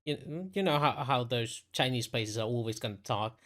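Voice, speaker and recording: A man's voice: medium pitch, moderate pace, a bit bright. A man narrates a tabletop role-playing game as the game master. He stops and restarts often, fills gaps with ums and uhs, and laughs easily with his players. The sound suggests a mic at home on a voice call. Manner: hesitant, filler-heavy, laughs often.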